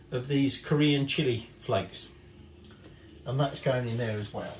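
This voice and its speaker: A home cook with a mid-range voice presents a recipe at a measured pace in his home kitchen, with a little hiss or hum on the track. His casual demonstration is chatty and rambling, with self-corrections and offhand swearing. The kitchen is echoey, with dishes clattering.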